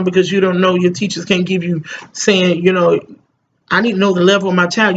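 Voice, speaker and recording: Speaking casually to her camera, this middle-aged parent vlogger has a lowish voice and an emphatic, rambling style, frequently saying "you know what I'm saying." The recording sounds muffled, with a little background noise.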